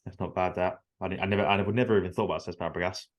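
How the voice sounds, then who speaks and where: A man talks quickly and firmly on a casual podcast, teasing his co-hosts. His voice is very low. He rattles through his points at speed. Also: fairly even intonation.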